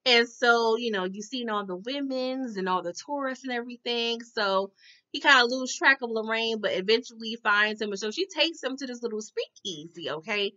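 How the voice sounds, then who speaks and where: A woman giving a chatty, slangy recap of a TV episode, with quick asides. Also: fairly high pitch, expressive, bright, forceful tone, dull audio. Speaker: TV episode reviewer. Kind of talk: casual TV recap.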